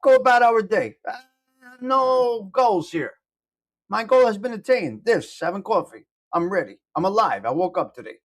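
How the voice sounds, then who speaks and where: Indoors at home, a man hosts a casual live-stream coffee chat, greeting viewers by name while rambling and poking fun at himself. His voice is high-pitched and very animated, at a normal speed.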